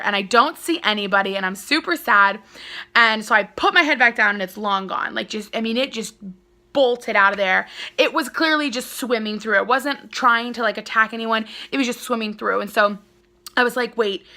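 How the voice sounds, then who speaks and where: A woman's voice: a little high, creaky, pushed and bright. A young woman author telling a casual story-time vlog, gushing and full of filler words. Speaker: author and vlogger.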